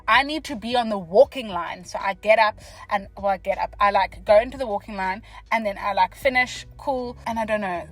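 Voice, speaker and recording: A young South African woman telling a story from her car, casual and animated, jumping between whispers and loud exclamations. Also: mid-range voice, rough recording. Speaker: vlogger. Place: parked car.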